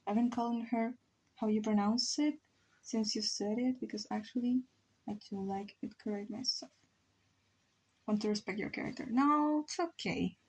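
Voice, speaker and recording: A woman's voice: on the high side, darkish tone, slightly rough. A woman, a native Spanish speaker with a Spanish accent, chatting casually with her stream while she draws and thinking aloud as she rambles. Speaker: live streamer.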